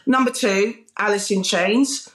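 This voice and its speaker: A British woman, a former music TV presenter, telling lively anecdotes with frequent laughter in a casual interview. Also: medium pitch, unhurried, roomy sound. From Britain. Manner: bubbly, laughing, animated anecdotes with mimicked quotes.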